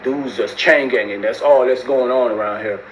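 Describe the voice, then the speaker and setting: A man's voice: medium pitch, normal speed. A man spins a long story in loose, slangy speech. He keeps slipping into the voices of the people he quotes. The recording has a roomy echo and a faint hiss of background noise. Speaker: storyteller recounting prison life. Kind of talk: casual storytelling.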